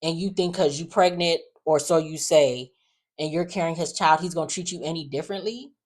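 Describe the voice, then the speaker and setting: A woman's voice: low voice, brisk, darkish tone. A young woman giving a chatty, slang-filled recap of soap opera episodes, trading in strong opinions.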